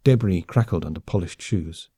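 A man narrating an audiobook in a brisk, wry storytelling manner. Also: low voice, dark tone, breathy edge, dry recording, clean studio sound. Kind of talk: scripted narration.

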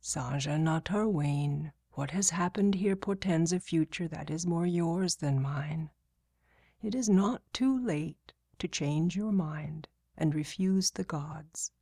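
A woman doing a calm, wise old man. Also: lowish voice, slow, vocal fry, dry recording, clean studio sound. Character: calm, wise old male tribal speaker.

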